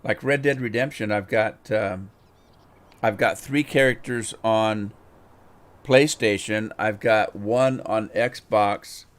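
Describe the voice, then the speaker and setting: A man's voice: lowish voice, takes it slowly. Rambling middle-aged man gaming host. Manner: rambling, repeats words while thinking. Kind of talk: casual chat while playing a game.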